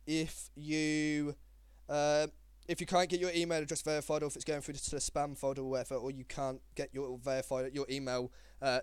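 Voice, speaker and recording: A man's voice: mid-range voice, clean tone, no room sound. A young man from the West Midlands hosting a casual live stream, rambling with many ums and restarts. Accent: West Midlands English. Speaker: stream host.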